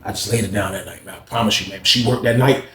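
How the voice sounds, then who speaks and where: A man telling a story from his own past in a casual, profane way, acting out both sides of the conversations with lively energy. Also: on the low side, fast talker, reverberant, slight background noise.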